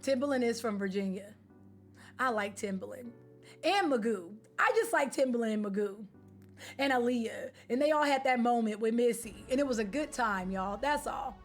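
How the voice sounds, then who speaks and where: Woman streamer w a high voice, slangy and loose, rambling to chat over faint music. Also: normal speed. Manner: animated, slangy, loose and opinionated. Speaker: game streamer. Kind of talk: casual chat with live viewers.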